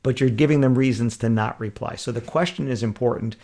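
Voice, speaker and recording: Man, podcast guest, sales coaching, lively, acts out customers, chuckles, creaky voice, mid pitch. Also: a little fast. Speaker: wedding sales consultant. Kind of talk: podcast interview, coaching advice.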